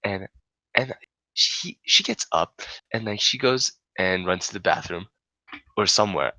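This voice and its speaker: A man's voice: sits low, unhurried, sharp tone, no room sound. A young man telling a long story to friends in a casual, profane way, laughing often. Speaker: storyteller on a podcast.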